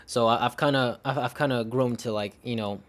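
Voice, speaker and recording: A man's voice: mid-range voice, fairly even intonation, fairly quick. A young man streaming, chatting casually and sarcastically while opening game cases, rambling with frequent little laughs.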